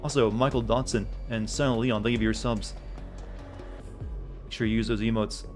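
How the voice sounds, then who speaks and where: A man's voice: lowish voice, fairly even intonation, moderate pace, soft background music. A man doing casual gaming commentary as a streamer, rambling and joking as he thinks aloud.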